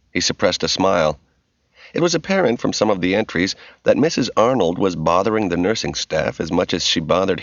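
A man narrating an audiobook in a steady, even storytelling manner. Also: sits low, no echo. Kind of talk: scripted narration. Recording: dry, dull, muffled.

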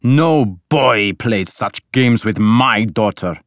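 Male narrator as stern Viking lord; low, slow, harsh menace in a storybook. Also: no room sound, clean studio sound. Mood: menacing. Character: stern angry Viking lord, grim and commanding.

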